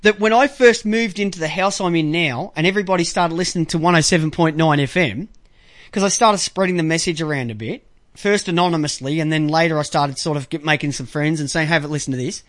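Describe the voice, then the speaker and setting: An Australian man hosts a casual radio talk show in a slightly high voice at a quick pace. He's excitable, swears freely and trips over himself repeating words.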